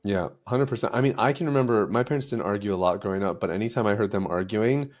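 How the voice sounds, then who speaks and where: A man hosting a podcast interview, relaxed and affirming, chiming in with short acknowledgements. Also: on the low side, quick pace. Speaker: podcast host.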